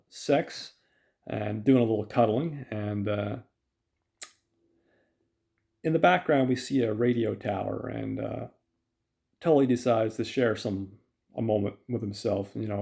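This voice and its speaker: Gravelly man rambling through a film recap. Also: mid-range voice, dark tone. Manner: rambling retelling with filler words, acting out quoted lines. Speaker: podcast host.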